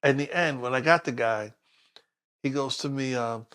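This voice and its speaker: A man, a former detective from New York, telling stories in a casual interview, animated and acting out what people said. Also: medium pitch, normal speed, smooth. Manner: animated storyteller acting out quotes with laughs. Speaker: guest, former police detective.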